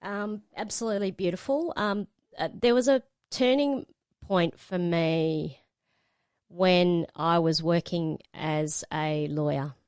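A woman's voice: lowish voice, slow pace, a little mellow, clear, resonant tone, no room sound, studio quality. A middle-aged woman, a radio presenter telling a personal story as a guest and acting out the quoted lines. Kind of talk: storytelling in a panel conversation.

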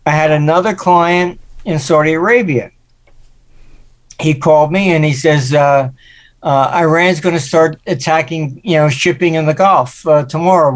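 A man's voice: on the high side, moderate pace. Older male guest; casual storyteller, slips into quoted voices. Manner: anecdotal, acts out quoted voices. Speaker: guest, market forecaster. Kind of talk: interview storytelling.

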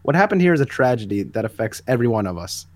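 A man co-hosting a comic book podcast, reading a hero's speech aloud in an earnest, measured way, a little back from the mic. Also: mid-range voice, very animated, darkish tone, dry recording. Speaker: podcast co-host.

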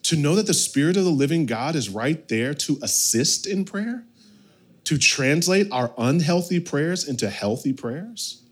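Pastor, male, thirties, slightly high voice, lively storytelling sermon with sharp loud-soft swings. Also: unhurried, slightly rough. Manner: storytelling, animated, with sudden loud and quiet turns.

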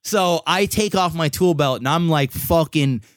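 A man's voice: on the high side, measured pace, no echo, studio quality. A young man co-hosting a podcast, telling a long personal story in casual, profane chat full of restarts. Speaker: podcast co-host.

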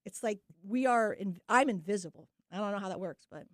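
A woman's voice: mid-range voice, fairly quick, dry recording, studio quality. A woman hosting a radio talk show, chatting with enthusiasm and laughing often. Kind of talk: casual radio chat.

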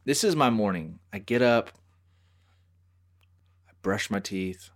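A man hosts a podcast, telling stories in casual chat as an animated storyteller who swears and acts out voices. His voice is lowish and his pace slow.

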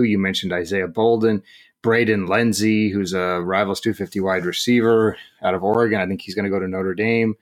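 A man co-hosting a podcast in casual chat, joking and chuckling as he talks. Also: fairly low pitch. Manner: chatty, laughing often, self-deprecating jokes. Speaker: podcast co-host.

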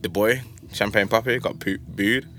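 A man's voice: fairly low pitch, fairly even intonation, moderate pace, a bit bright, soft background music. A man hosting a casual chat, laid-back and teasing. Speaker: podcast host.

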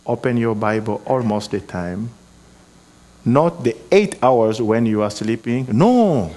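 Slow, animated accented male preacher. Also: mid-range voice. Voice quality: speaks with a foreign accent. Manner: earnest, exhorting, with frequent hesitations and restarts. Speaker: guest preacher. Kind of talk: sermon.

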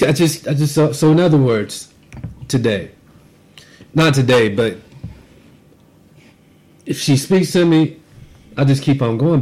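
A man's voice: medium pitch, a little mellow. A man co-hosting a podcast, telling rambling, profane stories about his workday with frequent restarts. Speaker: podcast co-host. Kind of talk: casual podcast rant.

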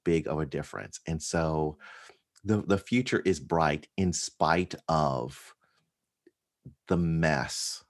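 A deep, low-pitched man speaking as a pastor in relaxed conversation. He reflects slowly, filling pauses with ums, then lifts his voice when a point matters to him. His speech has a calm, unhurried, searching quality. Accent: African American. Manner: thoughtful, pausing with many ums, rising with emphasis. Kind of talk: casual conversation about preaching.

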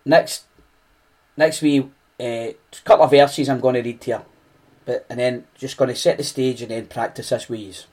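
A man's voice: mid-range voice, steady tone, normal speed, a little mellow. A man with a Scottish accent preaching a conversational sermon, earnest and often restarting phrases.

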